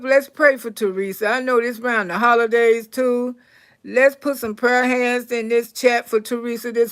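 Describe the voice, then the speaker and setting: A woman telling stories and praying for her live chat, swinging from loud to soft. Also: a little high. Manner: animated storyteller, swings from loud to soft prayer. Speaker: comedian livestream host.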